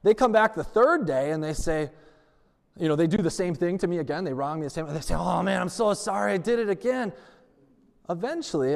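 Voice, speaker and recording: A man's voice: sits high, lively intonation, fairly quick, creaky, long reverb tail. A man preaching a sermon as pastor, telling stories and acting out the dialogue of the people in them. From United States. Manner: storytelling preacher who acts out dialogue.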